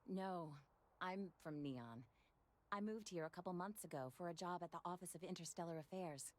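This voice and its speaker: A woman's voice: on the low side, normal speed, close to an everyday voice. A woman voicing an earnest young office clerk. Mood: friendly. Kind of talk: video game dialogue.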